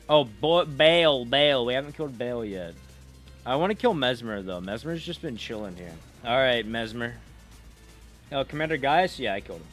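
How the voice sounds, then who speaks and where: A man's voice: medium pitch, expressive, normal speed, fairly bright tone, soft background music. A young man giving profane, frustrated commentary while playing a game, trash-talking bosses. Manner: swearing, frustrated outbursts, mocking trash talk. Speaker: gaming streamer.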